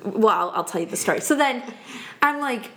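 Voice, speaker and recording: A woman in her thirties, guesting on a podcast, tells a story in casual chat with a slightly high voice and a brisk pace. She's animated, laughing often as she acts out quotes.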